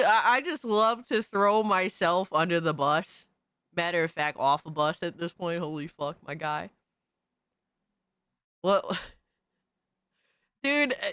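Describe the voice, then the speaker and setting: A woman hosting a live stream, hyped and profane, rattling off shout-outs to chat in casual banter. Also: medium pitch, animated, unhurried, pauses often, smooth, dry recording.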